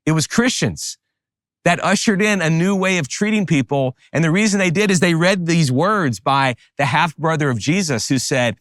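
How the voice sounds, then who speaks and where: A middle-aged pastor from the New Orleans area with a Southern American accent, giving an animated sermon with emphatic rises. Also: male voice, a little high, moderate pace, no echo, studio quality.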